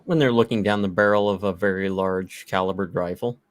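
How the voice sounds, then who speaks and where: A man on a call making dark, hostile jokes in a casual chat. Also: sits low, fairly even intonation, brisk, dry recording.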